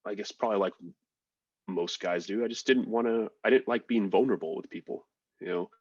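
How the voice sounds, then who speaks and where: A man with a very low voice talks through his story in a frank, easygoing way, tossing in fillers and swear words. The sound is dry and a little dull, like a lo-fi recording. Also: fairly quick, breathy edge, dry recording. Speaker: podcast guest, military veteran. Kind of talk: casual storytelling.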